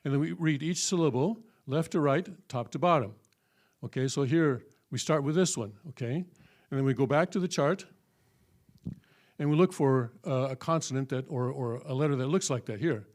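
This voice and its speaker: A man teaching a classroom lesson in a folksy, halting way, often checking with the room. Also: medium pitch, darkish tone. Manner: folksy, full of fillers and checking "okay?". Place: church hall.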